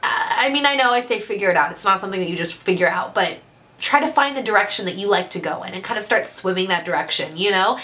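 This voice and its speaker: A woman's voice: mid-range voice, lively intonation, fast, bright, forceful tone. A young woman vlogger giving casual, earnest encouragement to her viewers, gushing and full of "like" and "you know.". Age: young adult. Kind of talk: casual motivational talk to camera.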